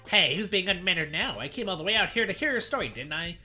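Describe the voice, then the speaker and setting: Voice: mid-range voice, big pitch swings, fast, pushed and bright, soft background music. A streamer doing a smug, cocky young journalist. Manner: smug, breezy, teasing. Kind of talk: voicing a game character while reading aloud.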